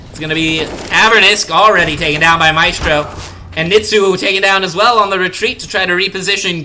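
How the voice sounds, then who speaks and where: Bright, excitable young male esports caster. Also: high voice, slight background noise. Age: young adult. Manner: excitable, jokey, bursts of sudden excitement. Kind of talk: live play-by-play commentary.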